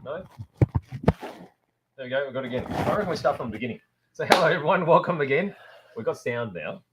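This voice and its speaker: Raspy aussie guy cohosting a hobby stream, quick and lively. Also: mid-range voice, heavy background noise. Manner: lively, bantering. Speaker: co-host of a hobby show. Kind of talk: casual chat.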